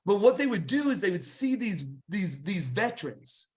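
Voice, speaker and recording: A man's voice: high-pitched, big pitch swings, moderate pace. A middle-aged man telling rambling wrestling stories in a casual interview, with many restarts and fillers. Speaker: guest wrestler.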